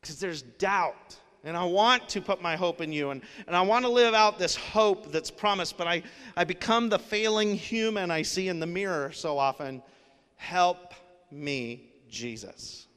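A man's voice: sits high, a little slow, fairly bright tone, clear, resonant tone. A male pastor preaching a sermon in an earnest, conversational way, with casual fillers. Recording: long hall reverb.

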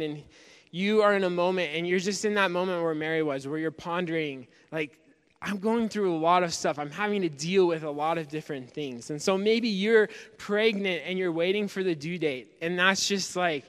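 A man preaching a sermon in a relaxed, conversational way, voicing people's thoughts as he goes. His voice sits high and sounds smooth and resonant. It rings out with the long reverb of a large hall. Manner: conversational preaching with frequent fillers, acting out inner voices. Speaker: pastor.

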